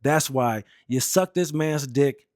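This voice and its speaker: A man's voice: mid-range voice, takes it slowly, darkish tone, no room sound, clean studio sound. A young American man and Air Force veteran telling stories in a blunt, heated, profane way. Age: young adult. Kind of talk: casual storytelling rant.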